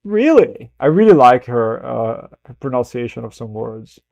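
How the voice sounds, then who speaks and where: A man's voice: medium pitch, moderate pace, gravelly, a little mellow, dry recording, muffled recording. A man streaming casual reaction commentary, rambling, swearing freely and laughing at himself. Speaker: streamer reacting to a film clip.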